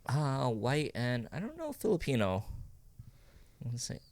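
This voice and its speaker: A man's voice: mid-range voice, wildly swooping pitch, normal speed, a little mellow, no echo. A man co-hosting a podcast in casual chat, loose and rambling, laughing often. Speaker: podcast co-host.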